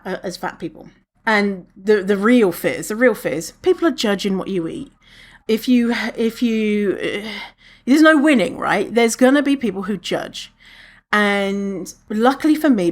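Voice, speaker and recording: A woman hosting a podcast, telling a story in a chatty, candid way and swearing freely. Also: medium pitch. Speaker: podcast host. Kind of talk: casual storytelling monologue.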